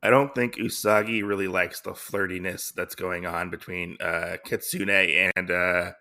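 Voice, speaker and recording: A man's voice: sits low, fairly even intonation, measured pace, bright, forceful tone. A man hosting a podcast, recapping a comic book in a casual, rambling way with lots of fillers and restarts. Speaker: podcast host.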